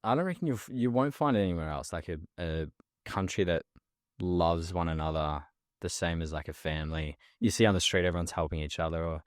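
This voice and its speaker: A man's voice: sits low, fairly quick, no echo, clean studio sound. A young Australian man, a guest in a casual interview, telling stories animatedly with lots of fillers and laughs.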